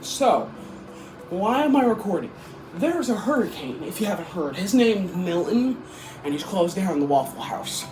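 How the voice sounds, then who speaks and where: A man's voice: high-pitched, sing-song, normal speed, echoey room, over music, poor audio. A young man vlogging at home, rambling with silly jokes and frequent giggles. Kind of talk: goofy casual vlog. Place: home during a storm.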